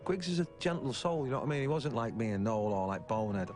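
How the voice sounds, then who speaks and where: Man, quick, brash, slangy, over music. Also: mid-range voice, expressive. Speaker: band member interviewee. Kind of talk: documentary interview storytelling. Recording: voice under loud music.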